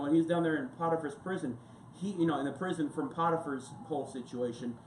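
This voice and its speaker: A male pastor speaking from the pulpit with a somewhat high voice. He preaches in a relaxed, wandering way, stopping for stories and side remarks. The sound is roomy and echoing, with a faint hum of ambience behind him. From United States. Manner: conversational, rambling preaching with anecdotes and asides. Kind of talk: sermon. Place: church sanctuary. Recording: echoey church room with faint ambience.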